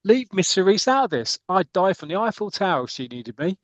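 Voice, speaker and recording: A man's voice: high voice, big pitch swings, brisk, a bit bright, dry recording, voice pushed up. A man voicing a gallant young footballer making a defiant, heroic declaration.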